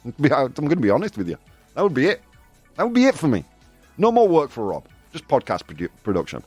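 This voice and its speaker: A man's voice: mid-range voice, huge pitch swings, fast talker, a little mellow, slightly rough, no echo, faint music behind. A man hosting a casual live stream, chatting through the news and reading viewers' comments, chatty and self-deprecating, often laughing and stumbling over hard words. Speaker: podcast host.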